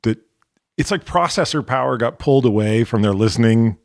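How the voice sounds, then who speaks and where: A man's voice: medium pitch, expressive, fairly quick, creaky, a little mellow, dry recording, studio quality. A man hosting a podcast interview, working through ideas aloud and checking them with questions. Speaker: podcast host. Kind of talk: casual interview chat.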